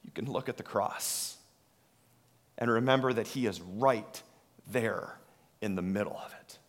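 A man preaching a sermon in a slow, dramatic way, dropping to a hush and swelling again. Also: lowish voice. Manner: slow, dramatic delivery with hushed drops and swells. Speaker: pastor. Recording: long hall reverb.

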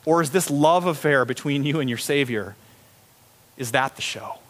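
A middle-aged male pastor preaching a sermon, animated, acting out little voices of the people in his stories. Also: medium pitch, moderate pace. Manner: animated, acts out voices of kids and students.

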